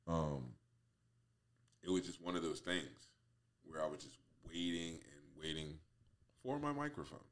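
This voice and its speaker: A man in his forties hosting a solo podcast, rambling casually, swearing freely and laughing at himself. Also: very deep voice. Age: 40s. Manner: laughs often, swears freely, self-mocking. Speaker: podcast host.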